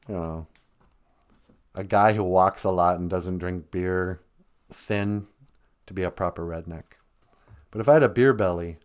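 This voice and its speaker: Slow, playful man teaching words. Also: fairly low pitch, darkish tone. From northern Minnesota, US. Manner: playful, joking, laughs often. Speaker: language and culture teacher, host. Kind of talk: live-stream teaching chat.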